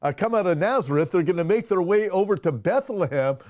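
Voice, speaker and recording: A man's voice: high voice, animated, brisk, darkish tone, no echo, studio quality. A man, a pastor, hosting a casual conversational show with lots of restarts as he talks. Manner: conversational, restarts and fillers, reads viewer questions. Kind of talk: casual chat.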